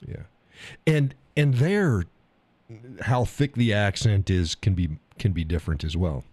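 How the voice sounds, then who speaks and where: A man's voice: lowish voice, unhurried, darkish tone, husky, no echo. A man hosting a live stream, chatting casually about viewer comments, rambling, repeating himself and chuckling often.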